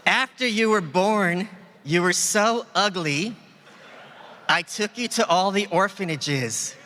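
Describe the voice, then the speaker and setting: A man voicing an insulting, wisecracking male puppet dummy in a ventriloquist stage act, with a slow, mocking roast delivery. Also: high-pitched, sharp tone, slight background noise, full character voice. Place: large event hall on stage. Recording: reverberant hall, faint ambience.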